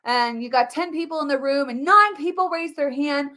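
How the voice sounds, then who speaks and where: A woman talking fast and emphatically in a live-streamed political commentary, repeating herself, with many "like" fillers. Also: high-pitched, bright, forceful tone.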